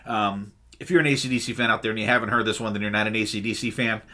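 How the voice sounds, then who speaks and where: A man's voice: on the low side, fairly even intonation, very fast, sharp tone. A man on a music podcast, talking casually and enthusiastically about albums, rambling with fillers and humming guitar riffs. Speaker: podcast co-host. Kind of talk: casual music review chat.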